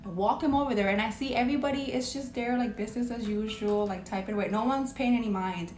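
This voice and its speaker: A woman's voice: fairly high pitch, quick pace, darkish tone, a little hiss or hum. A woman telling a story from her hospital job in a chatty, casual way, with many filler words. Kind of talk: casual storytelling from a social video clip. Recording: echoey room.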